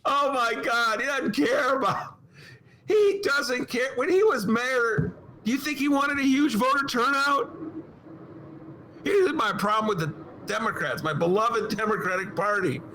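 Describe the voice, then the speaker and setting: A man hosting a political podcast, talking in a mocking, animated way and laughing often. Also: very high-pitched, a little slow, a little hiss or hum. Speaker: podcast host. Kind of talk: political talk show chat.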